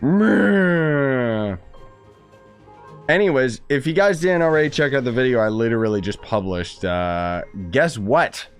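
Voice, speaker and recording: A man with a mid-range voice that swings lively up and down as he chats over gameplay. He rambles and jokes, restarting his sentences. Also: mid-range voice, moderate pace, few pauses, smooth, soft background music. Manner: rambling, joking, with frequent restarts. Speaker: gaming streamer. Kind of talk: casual gameplay chat.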